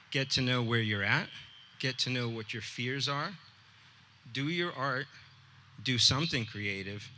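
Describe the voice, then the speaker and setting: A man, an art teacher, telling a personal story to a live audience in a relaxed, conversational way. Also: mid-range voice, a little hiss or hum. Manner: conversational, acts out dialogue with voices.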